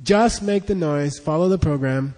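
A man's voice: on the high side, normal speed, darkish tone. A man teaching a class, leading a pronunciation drill and patiently repeating syllables for students to echo. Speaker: language teacher. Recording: long hall reverb.

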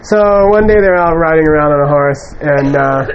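A man's voice: a little high, normal speed, muffled recording, slight background noise. A man giving an informal spiritual teaching, telling stories in a conversational way, with frequent "you know". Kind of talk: informal dharma talk.

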